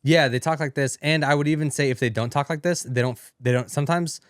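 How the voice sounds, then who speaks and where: A man's voice: fairly high pitch, fast, no room sound, studio quality. A man co-hosting a casual commentary podcast, laid-back and agreeable, often chiming in with short affirmations. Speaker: podcast co-host.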